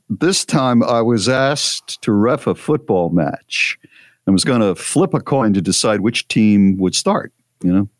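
Low-voiced rambling male radio host. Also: no echo, clean studio sound. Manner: rambling, self-deprecating, stumbles over words. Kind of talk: casual on-air banter, reading listener posts.

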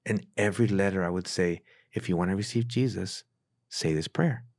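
Deep-voiced man telling his story. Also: a little fast, no room sound, clean studio sound. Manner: earnest storyteller who acts out quoted dialogue in a hushed voice. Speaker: pastor. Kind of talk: casual testimony in a podcast interview.

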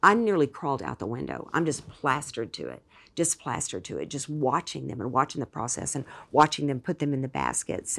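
A woman guest telling a personal story in an animated, expressive way. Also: extremely low pitch, normal speed, gravelly. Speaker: podcast guest. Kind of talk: storytelling in conversation.

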